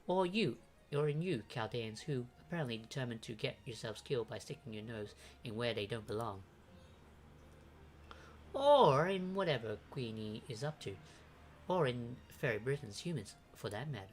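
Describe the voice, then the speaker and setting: A man's voice: mid-range voice, sing-song, normal speed, slight background noise, lightly acted. A man voicing a sly, haughty woman servant in a game, reading her lines in a dismissive, aloof way while stumbling over names. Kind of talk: fan dub reading of game dialogue.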